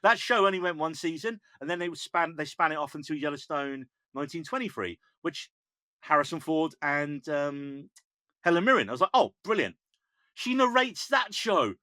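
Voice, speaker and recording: Man co-hosting a podcast, slightly high voice, animated and mocking, swears, dry mic. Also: normal speed, no echo. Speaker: podcast co-host. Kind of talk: casual chat.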